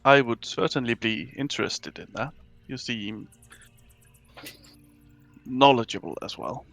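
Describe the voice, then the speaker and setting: A man's voice: mid-range voice, expressive, unhurried, vocal fry, a bit bright, no room sound, soft background music. A man speaking politely as a player in a tabletop game, with some hesitations. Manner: polite, in-character speech with hesitations. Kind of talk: casual tabletop game chat.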